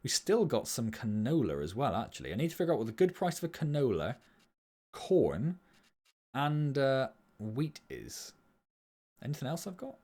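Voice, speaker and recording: A man's voice: mid-range voice, huge pitch swings, moderate pace, darkish tone. A man streaming a farming game and chatting casually and jokily, laughing easily. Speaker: gaming streamer. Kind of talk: casual livestream gameplay chat.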